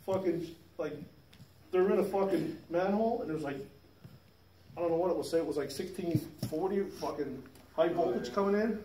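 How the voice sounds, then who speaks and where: Profane high-voiced man in his fifties. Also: normal speed, pauses often, noisy background. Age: 50s. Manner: profane, rambling, laughs through the story. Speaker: electrician telling a work story. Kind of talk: casual storytelling. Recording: roomy sound from a distant mic.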